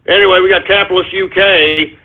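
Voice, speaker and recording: High, husky man ranting on talk radio. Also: fairly even intonation, a little fast. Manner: crude, agitated ranting full of "you know" and "all right?". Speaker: radio show host. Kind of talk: solo talk radio rant with listener shout-outs. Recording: tinny phone-like line.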